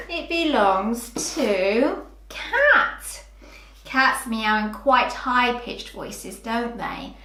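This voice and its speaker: A woman's voice: a little high, a bit bright, slight background noise. Sing-song woman teaching small children. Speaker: early years teacher. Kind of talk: preschool phonics lesson. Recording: roomy echoey room.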